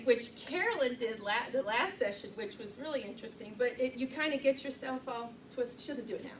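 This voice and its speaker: A middle-aged woman giving a live public speaking training, chatty and self-deprecating, laughing often as she demonstrates poses. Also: sits high. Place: meeting room, recorded from the back. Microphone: far camera mic. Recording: roomy, distant and noisy room recording.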